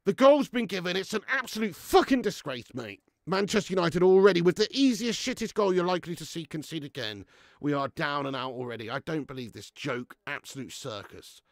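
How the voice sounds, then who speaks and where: Young male fan host, high gravelly voice, sweary ranting commentary, dry close mic. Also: lively intonation, brisk, no room sound. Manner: deflated, muttering between outbursts. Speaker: fan watch-along host. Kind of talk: live football watch-along commentary.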